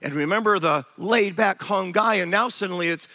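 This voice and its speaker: A man preaching a sermon, animated and acting out quoted voices of spouses. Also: high-pitched, normal speed, few pauses. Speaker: pastor.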